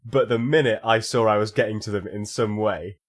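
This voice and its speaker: A man's voice: fairly low pitch, steady tone, a little fast. A man with a Welsh accent hosting a comedy podcast quiz, with dry, teasing banter. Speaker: quiz host.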